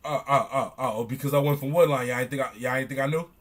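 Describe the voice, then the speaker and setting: A young man, reacting on stream in loud, excitable, slangy commentary that keeps repeating itself. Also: medium pitch, quick pace. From Chicago. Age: young adult.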